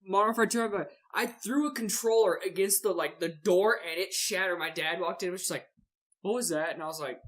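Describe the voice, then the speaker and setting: A man's voice: sits high, brisk, hardly any pauses, fairly bright tone. A blunt young man swears freely in a casual podcast chat, complaining in an everyday voice. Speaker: podcast co-host.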